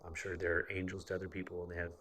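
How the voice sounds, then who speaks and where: A man's voice: low-pitched, monotone, very fast, pushed and bright, slight background noise. A man from the United States telling a personal story in a casual, rambling monologue, swearing often. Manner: profane and rambling, with frequent fillers. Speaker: vlogger.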